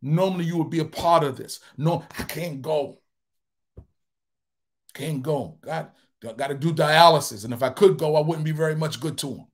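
A man's voice: a little high, moderate pace. A middle-aged male pastor preaching a sermon with emphatic, repeated declarations.

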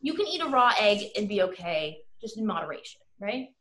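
A woman who baked the cookies, chatting as a guest with teasing, deadpan asides. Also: medium pitch, brisk. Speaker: guest baker. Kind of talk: casual chat.

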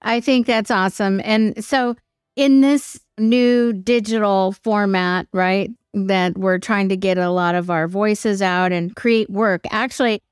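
Woman podcast host, smooth clear voice, dry close mic; engaged and affirming. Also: medium pitch, fairly even intonation, measured pace, no room sound. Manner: engaged, affirming, thinks aloud. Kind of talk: conversational interview.

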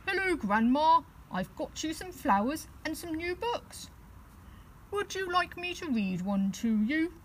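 A woman voicing a small, polite boy teddy bear in a children's storybook, pitched up and timid. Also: very animated, a little slow, a little hiss or hum, rough recording. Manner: high, polite and increasingly frightened.

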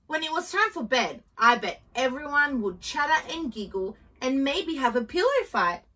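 A woman reading a children's picture book aloud, in a gentle, expressive storytelling manner. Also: high-pitched, moderate pace, far from the mic, low-quality recording.

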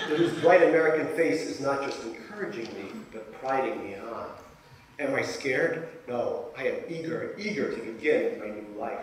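A Soviet-born male author reads from his memoir to a live audience in a large lecture hall, using dry, self-deprecating humor. His medium-pitched voice is sharp, with lively intonation and a slightly slow pace, recorded from far off in an echoey hall.

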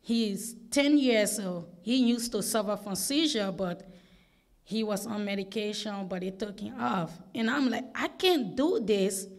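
A woman testifying at a public hearing in a fairly high voice. She is a single mother, and she talks in an earnest, pleading, emphatic way. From United States.

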